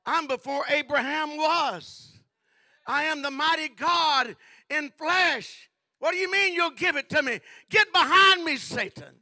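A male preacher acting out a commanding savior who shouts bold declarations during a sermon. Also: very high-pitched, moderate pace, creaky, no echo, clean studio sound, pitched above the performer's own voice, exaggerated voice.

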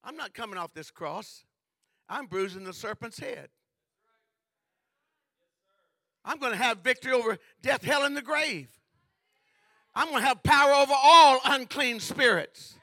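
A preacher playing a commanding, triumphant savior. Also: male voice, extremely high pitch, moderate pace, no echo, clean studio sound, voice pushed up, exaggerated voice. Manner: proclaiming, shouted declarations.

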